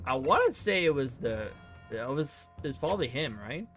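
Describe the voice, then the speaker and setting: A man streaming a game live chats excitably, his voice worn and tiring. His pitch jumps around a lot, with faint music playing underneath. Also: moderate pace. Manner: excitable, exclaiming. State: voice getting tired.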